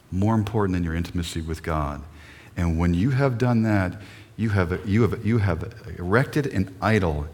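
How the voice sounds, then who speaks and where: Earnest preaching man in a reverberant hall. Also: low-pitched. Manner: earnest, emotional preaching with questions to the congregation. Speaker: pastor. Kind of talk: sermon.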